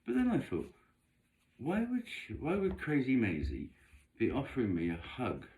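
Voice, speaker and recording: His mid-range voice has a darkish tone and swings hugely in pitch, though his speed is normal. This vlogger pulls tarot cards while rambling through a gossipy, casual talk, throwing in camp, dramatic asides.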